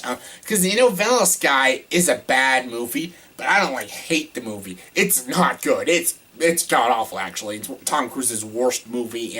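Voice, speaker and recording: A man giving a casual vlog movie review. He is animated and exasperated and swears freely. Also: fairly high pitch, husky.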